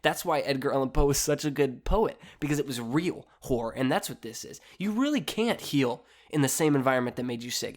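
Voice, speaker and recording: A man's voice: mid-range voice, expressive, fairly quick. Man, podcast host, solo monologue, sarcastic, mocking, profane, laughs a lot. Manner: sarcastic, mocking, swears freely, laughs often.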